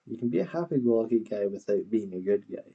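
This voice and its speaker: A man's voice: lowish voice, lively intonation, fast, breathy edge, muffled recording. A man hosting a reaction video, talking back at a clip with scornful, swearing commentary.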